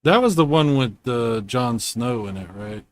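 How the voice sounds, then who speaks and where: A man hosting a casual video game chat from home, rambling and quick to laugh. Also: medium pitch, expressive, slight background noise. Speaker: host.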